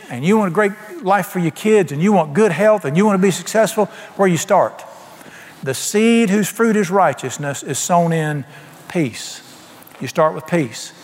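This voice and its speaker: A man's voice: high voice, big-room sound. An older man preaching a folksy, emphatic sermon, asking the congregation questions. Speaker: pastor.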